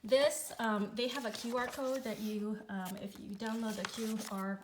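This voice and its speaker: A woman reviewing children's learning books for her child, talking in a relaxed way with frequent fillers and demonstrating sounds. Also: fairly high pitch, normal speed, noisy background. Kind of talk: casual instructional review.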